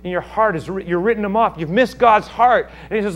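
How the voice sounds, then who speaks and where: A pastor preaching a sermon, swinging between hushed asides and loud, emphatic passages. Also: male voice, high voice, brisk.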